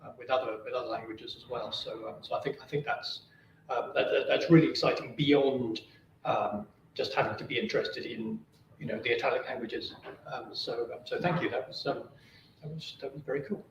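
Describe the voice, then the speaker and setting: Man, seminar chair, halting questions, roomy echo, faint background noise. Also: mid-range voice, recorded from a distance. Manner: halting, many fillers and repeated words.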